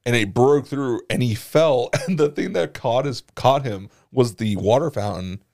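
A man's voice: medium pitch, a little slow, gravelly, a little mellow. A man co-hosting a podcast, telling crude, profane school stories in casual chat and laughing as he goes. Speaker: podcast co-host.

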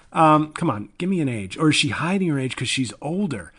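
A man in his forties hosting a solo comedy podcast, rambling and self-mocking, sometimes breaking into loud excited yelling. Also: on the high side, slightly rough. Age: 40s.

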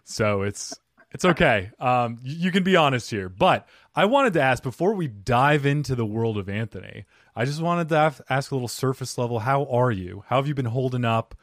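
A man's voice: medium pitch, lively intonation, moderate pace, no echo, studio quality. A man hosting a casual podcast interview, joking loosely and swearing freely as he asks questions. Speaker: podcast host. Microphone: remote video call.

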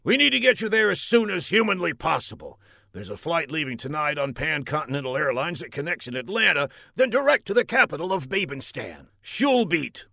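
Guy doing a shrill loud general, bright tense voice, all over the place. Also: brisk, creaky, no echo, clean studio sound, heavily acted. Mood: urgent. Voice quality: loud, high, animated. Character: blustering excitable male general.

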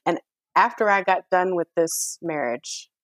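A woman's voice: fairly low pitch, a little slow, dry recording. Frank, plain-spoken woman guest. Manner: frank, earnest, plain-spoken with slangy asides. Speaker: podcast guest. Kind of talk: candid casual conversation.

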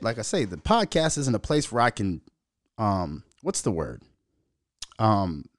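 A young adult man from Minnesota hosting a casual solo podcast, telling a story in a profane, animated way and laughing as he goes. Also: medium pitch, no echo, clean studio sound. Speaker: podcast host.

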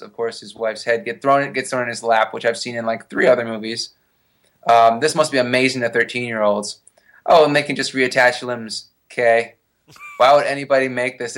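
A man's voice: mid-range voice, steady tone, fairly quick, fairly bright tone. Man mocking a movie with wry asides. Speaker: podcast co-host. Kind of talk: casual chat.

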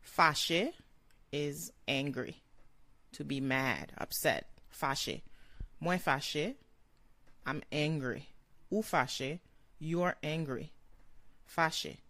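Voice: medium pitch, slow pace, long pauses, sharp tone, no echo. A language teacher giving a short vocabulary lesson, saying each word several times and then translating it.

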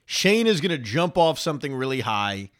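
Man, podcast host, sarcastic rant, exasperated, mid pitch, dry close sound. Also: very animated, moderate pace, a bit bright, no room sound. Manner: sarcastic, exasperated rants with rhetorical questions. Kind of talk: solo reaction commentary.

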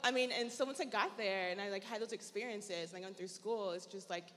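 A woman's voice: mid-range voice, fairly quick, crowd noise. A young woman from Tennessee, a panelist telling her story in a casual, chatty, reflective way. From Tennessee, USA. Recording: long hall reverb.

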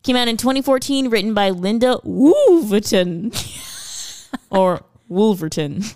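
A woman's voice: medium pitch, very animated, unhurried, darkish tone, no echo. Young woman podcast co-host, joking and playful, dry close mic. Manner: playful, jokey, laughs often. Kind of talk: casual chat.

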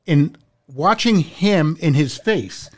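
A man's voice: a little high, animated, slow. A male podcast co-host speaking in a thoughtful, appreciative way. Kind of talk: conversational podcast interview.

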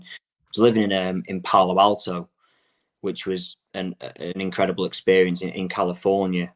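A young Englishman with a low, deep voice talks casually as a guest about coaching soccer. He rambles loosely, circling back and restarting his sentences and leaning on filler words. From England. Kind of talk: casual interview talk.

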